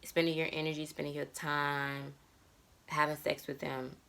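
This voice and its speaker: A woman's voice: sits low, little pitch movement, moderate pace, gravelly, fairly bright tone, smooth. A woman in her thirties talking candidly and emotionally about her life in a personal vlog monologue. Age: 30s. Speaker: vlogger.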